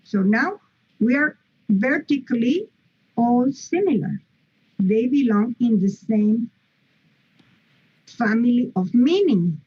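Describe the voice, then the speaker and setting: A woman's voice: a little high, animated, slow, pauses often, dull audio, a little hiss or hum. A woman teaching English grammar in an online lesson, explaining step by step with frequent "mm-hmm" and "okay" checks.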